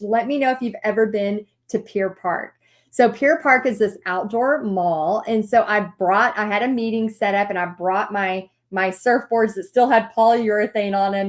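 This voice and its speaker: A woman telling a personal story to an audience in a lively way, acting out what people said. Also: a little high, normal speed. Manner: animated storytelling with acted-out quotes. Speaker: paint party business teacher.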